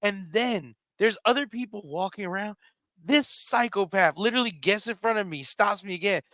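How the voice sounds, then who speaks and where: High, bright-voiced man in his forties. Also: moderate pace, dry recording. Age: 40s. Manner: animated, acts out quotes, stammers in bursts. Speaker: comedian and show co-founder. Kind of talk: comic storytelling on talk radio. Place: remote virtual studio.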